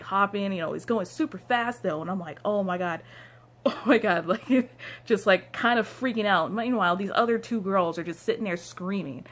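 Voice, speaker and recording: A woman's voice: mid-range voice, fairly bright tone. A young woman vlogger telling a casual story from home into her phone, rambling with lots of "like" fillers. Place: downstairs room at home.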